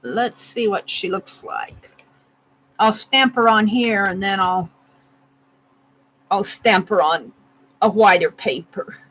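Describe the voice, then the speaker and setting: A woman's voice: mid-range voice, slow pace, pauses often, fairly bright tone, rough recording. A woman narrating casually as she carves a stamp, thinking aloud and laughing at herself. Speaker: art vlogger. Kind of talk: casual narration while crafting.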